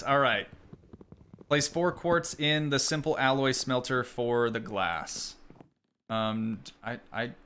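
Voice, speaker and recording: A young American man streaming a game, chatting casually with viewers and thinking out loud as he plays. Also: medium pitch, smooth. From United States. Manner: rambling, thinking aloud, talking to chat. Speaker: gaming streamer. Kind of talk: casual live gameplay chat.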